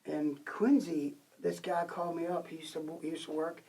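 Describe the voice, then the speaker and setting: A musician guest tells a story in a relaxed, chatty way. They slip into the other voices when quoting phone calls, and the storytelling rambles along. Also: mid-range voice, moderate pace, husky. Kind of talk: casual interview chat.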